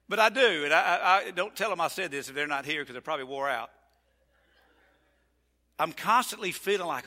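A man preaching a sermon as pastor, folksy and animated, repeating his phrases. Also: on the high side, fast. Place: church sanctuary. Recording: church hall reverb.

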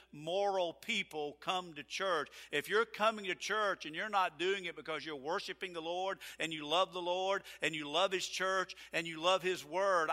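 Bright-voiced pastor preaching in a large hall. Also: male voice, high voice. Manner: storytelling, conversational preaching with frequent restarts. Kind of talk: sermon. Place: church sanctuary.

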